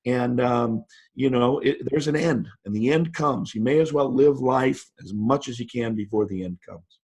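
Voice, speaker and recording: A man's voice: mid-range voice, moderate pace, darkish tone, husky. A man in his fifties telling stories with emphasis as a guest in an interview, his voice jumping up for quoted lines. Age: 50s. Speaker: guest speaker. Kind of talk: motivational interview talk.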